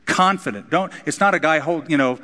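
A man's voice: on the high side, brisk, pushed and bright. Earnest male pastor preaching in a hall. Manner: earnest preaching, shifting between casual asides and emphatic peaks. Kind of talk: sermon. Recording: long reverb of a large hall.

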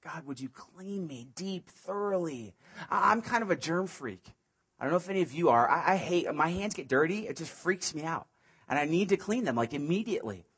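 Male pastor, 30s, slightly high husky voice, earnest sermon delivery that drops to a hush and speeds up in stories. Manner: earnest, swings from hushed pleading to quick animated storytelling.

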